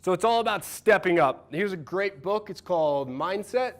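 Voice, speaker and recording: Energetic man coaching a live audience. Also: high-pitched, normal speed. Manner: energetic, encouraging, asks the room questions. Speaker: mental performance coach. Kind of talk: workshop talk to a live audience.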